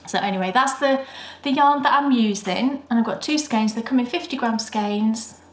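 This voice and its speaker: A British woman co-hosting a knitting podcast, chatting and gushing warmly over her projects. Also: a little high, normal speed. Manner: chatty and enthusiastic, gushing praise. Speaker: podcast co-host. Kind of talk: casual chat. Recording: roomy echo.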